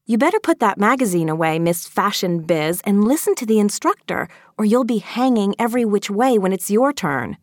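A woman reading aloud and voicing an anxious, excitable young teenage girl in a breathless, high-strung way. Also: normal speed, hardly any pauses, dry recording, clean studio sound, natural voice. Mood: warning.

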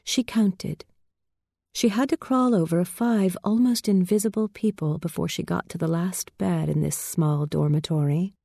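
Woman narrator, deliberate storybook reading, low mellow voice. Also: fairly even intonation, creaky, breathy edge, dry recording, clean studio sound.

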